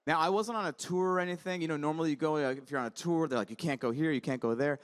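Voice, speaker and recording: A man doing animated stand-up comedy on a conference stage, telling stories with voiced asides. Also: on the high side, racing, smooth. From Iran. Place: conference stage before a live audience.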